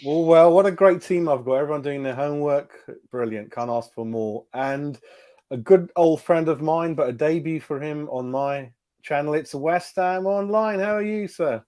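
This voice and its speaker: A man's voice: a little high, moderate pace, a little mellow. A man hosting a casual fan talk show, chatty, often repeating words and using fillers. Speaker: host. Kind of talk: casual chat.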